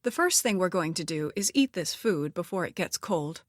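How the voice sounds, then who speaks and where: A woman voicing a soft-spoken widowed mother of teenagers in an audiobook, close to a dry studio mic. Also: on the low side, lively intonation, normal speed, no echo. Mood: worried. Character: warm widowed mother of teens.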